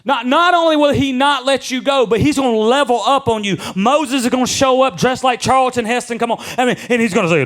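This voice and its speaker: Man, pastor, high voice, emphatic sermon, repeats his points, calls for amens. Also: a little fast, few pauses, a bit bright.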